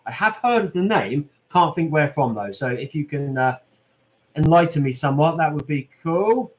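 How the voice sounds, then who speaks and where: Speaking at a moderate pace with lively intonation, a British man with a slightly high voice runs a live question-and-answer stream. He's a chatty host who reads out viewer comments, says "um" and "mate" a lot, and keeps things casual while answering live chat.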